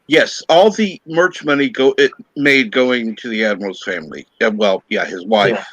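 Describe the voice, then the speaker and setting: A man hosting a casual podcast chat, talking in a halting way with many fillers and restarts. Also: medium pitch, fairly bright tone, dry recording, rough recording. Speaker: podcast host.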